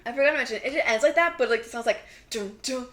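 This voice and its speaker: A young podcast co-host with a high voice talks very fast, casually retelling a TV episode. She animatedly acts out the characters' lines and says "like" constantly.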